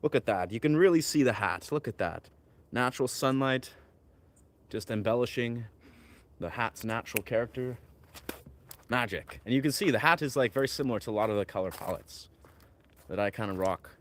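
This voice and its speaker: A man's voice: mid-range voice, normal speed, pauses often. A man talking in a rambling, dreamy way, full of fillers, while out among pine trees. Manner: dreamy, wandering, filler-heavy musing. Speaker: vlogger. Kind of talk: rambling outdoor vlog talk.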